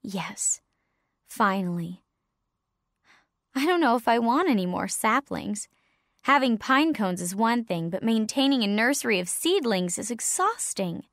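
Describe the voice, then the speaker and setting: A woman's voice: on the high side, animated, a little slow, a bit bright, no echo, clean studio sound. A woman voicing a fussy mother pine tree with prim, old-fashioned genteel phrasing. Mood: soothing.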